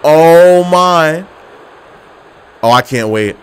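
A man's voice: on the high side, animated, extremely slow, clear, resonant tone. A young man giving live gameplay commentary, trash-talking his opponents and getting exasperated with the match. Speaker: gaming commentator.

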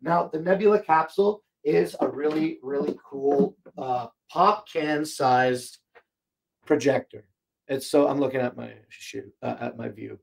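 A man's voice: a little high, unhurried, creaky. A man hosts a livestream shopping show from his home studio, talking loosely and rambling with plenty of fillers and restarts. His voice sounds strained and tight, breaking now and then. He sits more than an arm's length from a desk microphone. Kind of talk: casual livestream product chat. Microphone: desk microphone, more than an arm's length away.

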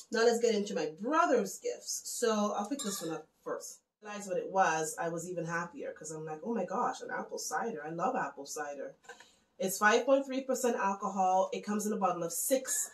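A woman in her thirties from the West Indies, chatting casually and warmly gushing to viewers as she shows her Christmas gifts. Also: mid-range voice, reverberant, rough recording. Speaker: home vlogger. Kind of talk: casual gift show-and-tell.

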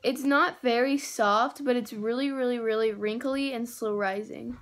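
A woman's voice: a little high, steady tone, normal speed, fairly bright tone. A young woman, gushing over toys in a casual vlog and saying "like" and "oh my gosh" a lot. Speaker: vlogger. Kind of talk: excited haul vlog.

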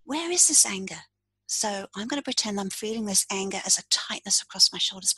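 A woman coach walks the listener through a tapping routine point by point, calm and instructive, speaking the tapping phrases aloud. Her voice has a soft, slightly breathy grain at a middle pitch. The sound is dry and close, with no room around it. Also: fairly quick, no echo, rough recording. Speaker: coach and tapping practitioner, podcast guest. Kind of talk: guided tapping demonstration.

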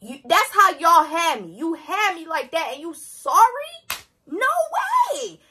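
A teenage girl tells a storytime in a high, bright voice that is full of expression. Her delivery is dramatic and slangy, with big swings in pitch. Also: very animated, slow, slight background noise. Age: teens. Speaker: vlogger. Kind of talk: storytime vlog.

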